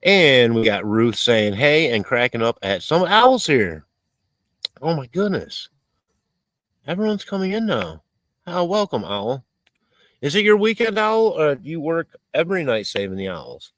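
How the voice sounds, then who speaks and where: A man's voice: a little high, sing-song, a little slow, fairly bright tone, dry recording, rough recording. A man hosting a casual live stream outdoors while cooking, rambling, swearing and reading chat messages aloud. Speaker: livestream host. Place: outdoors in a rural area.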